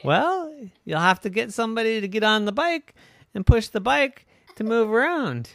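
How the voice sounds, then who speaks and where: A plain-spoken mechanic, as a man voices him, firm and matter-of-fact. His voice rises a little above the teller's usual, gravelly, in a dry, close room. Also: high voice, very animated, normal speed, fairly bright tone, no room sound, pitched above the performer's own voice, heavily acted.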